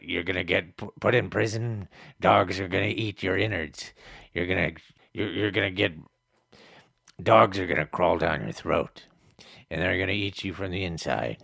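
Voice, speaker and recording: A man's voice: very deep voice, vocal fry, a bit bright, dry recording, clean studio sound, full character voice. A man playing a rambling, stammering eccentric leaving a long voicemail in an improvised comedy bit. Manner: stammering, rambling, acts out the people at doors.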